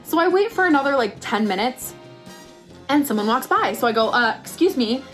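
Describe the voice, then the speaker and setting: A pregnant young woman vlogging, telling a story casually and acting out quotes with big jumps in pitch. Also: expressive, a little fast, soft background music.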